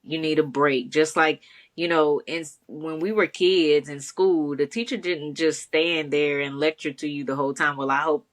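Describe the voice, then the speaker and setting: A woman's voice: sits low, fairly even intonation, normal speed. A woman co-hosting a podcast in easygoing casual chat, encouraging and laughing often. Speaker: podcast co-host.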